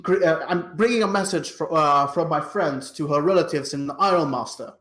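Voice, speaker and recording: Brief: jittery, polite adventurer, played by a player, hesitant, roomy echo. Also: male voice, a little high, moderate pace, fairly bright tone, lightly acted. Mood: nervous. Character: nervous adventurer in plate armor, polite, bluffing.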